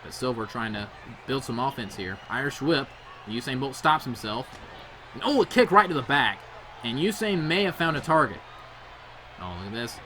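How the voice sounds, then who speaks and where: Excitable young man calling wrestling. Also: mid-range voice, moderate pace, noisy background. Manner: excitable, rises to shouts on near-falls. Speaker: play-by-play commentator. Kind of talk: video game wrestling commentary.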